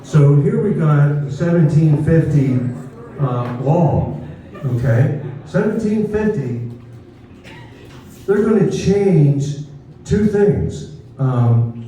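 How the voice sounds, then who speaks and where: A man's voice: fairly high pitch, dark tone, dull audio, a little hiss or hum. A man giving a folksy, informal public talk to an audience at a birthday celebration, now and then leading the crowd to repeat after him. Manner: folksy, leads the crowd in call and response. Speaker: speaker at a historical birthday celebration. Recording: distant, very echoey room.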